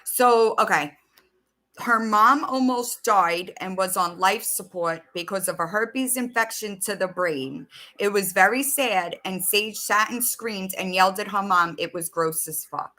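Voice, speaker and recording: Woman host, bright forceful voice, casual swearing livestream chat, talks while scrolling her phone. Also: medium pitch, measured pace. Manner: chatty, swears, reads out messages while searching her phone.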